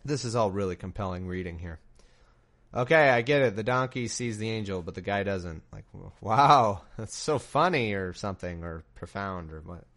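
A man's voice: on the low side, animated, moderate pace, a bit bright. A young man reading scripture aloud and breaking off into sarcastic, incredulous, rambling commentary.

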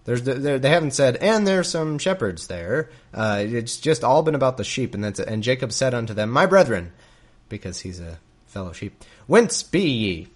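A man's voice: medium pitch, big pitch swings, moderate pace. A man reading scripture aloud and breaking off for wry, joking asides. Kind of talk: Bible reading with comedic commentary.

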